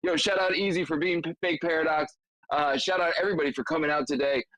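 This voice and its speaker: A man's voice: a little high, fairly even intonation, fast, fairly bright tone, dry recording, low-quality recording. A man hosting an online meetup in a loose, laughing casual chat with many fillers. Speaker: meetup host.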